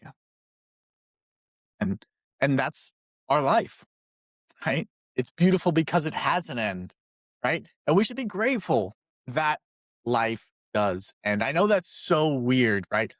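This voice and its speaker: A man's voice: very animated, takes it slowly, pauses often, no echo. Chatty, playful man, dry close sound. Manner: chatty, playful, jokes in silly high voices. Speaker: podcast co-host. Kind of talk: casual podcast chat.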